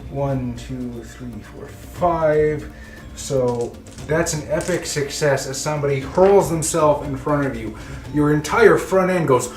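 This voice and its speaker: A man's voice: a little high, takes it slowly, reverberant, faint music behind. A man running a tabletop game as game master, narrating loosely with frequent laughs. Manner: loose, laughing, voices characters in bursts.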